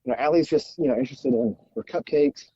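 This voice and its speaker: A middle-aged man, a podcast guest telling stories in animated, self-deprecating casual chat. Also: medium pitch, quick pace, breathy edge, no room sound, muffled recording. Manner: animated, self-deprecating storyteller with rising exasperation. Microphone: phone while out walking.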